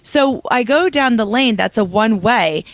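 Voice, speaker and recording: A young woman co-hosting a podcast, telling an animated story in casual chat and over-explaining as she goes. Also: on the high side, a little slow, no room sound. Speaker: podcast co-host.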